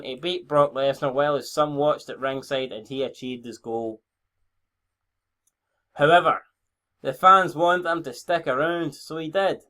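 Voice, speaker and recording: A Scottish YouTube gamer in his twenties rambles through sweary, casual commentary on a wrestling booking game. He often breaks off mid-sentence to correct himself, and his voice is a little high with a sharp tone.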